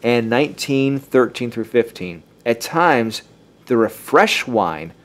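A man's voice: mid-range voice, very animated, slow pace. A man co-hosting a casual podcast, joking and stumbling a little as he reads from his notes. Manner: jokey, stumbles while reading aloud. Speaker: podcast co-host. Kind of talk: casual chat, reading from notes.

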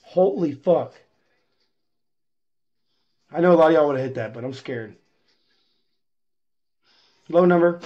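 A man live-streaming his gambling, swinging between low muttered gloom and loud shouted hype, swearing constantly. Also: animated, takes it slowly, pauses often, dull audio.

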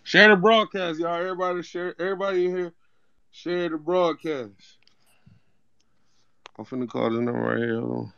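A man's voice: a little high, normal speed, creaky, long pauses, bright, forceful tone, smooth, dry recording. A man hosting a casual online audio chat, talking in a loose, rambling way. The sound is dry and dull, like lo-fi streamed audio. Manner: laid-back, laughing and rambling. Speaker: host.

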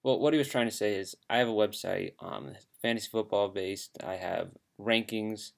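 A man's voice: on the low side, moderate pace, vocal fry. A man hosting casual football predictions, talking with lots of hesitations, ums and restarts. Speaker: host.

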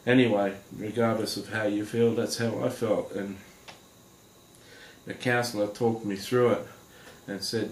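A man with a somewhat low voice tells his testimony straight to the viewers, halting and earnest, pausing often. The room has a noticeable echo, and a faint noise hums underneath. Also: little pitch movement. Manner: halting and earnest, many pauses and fillers. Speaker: Christian testimony speaker. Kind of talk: personal testimony addressed to viewers.

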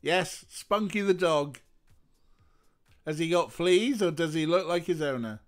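A man's voice: on the high side, a little slow, soft background music. Chatty let's-play streamer man. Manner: chatty, laughs often, talks to chat. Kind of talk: casual let's-play commentary.

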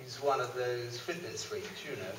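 Animated and at a moderate pace, a medium-pitched man reads a children's story on a hall stage as a variety show storyteller, keeping it playful with joking asides. Heavy background noise fills the distant, echoey recording.

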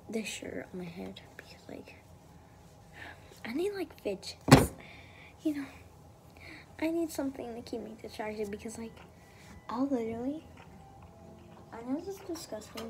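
A teenage girl vlogging in a rambling, excitable and anxious way, often dropping to a whisper. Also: fairly high pitch, moderate pace, pauses often, background noise. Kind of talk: casual vlog chat.

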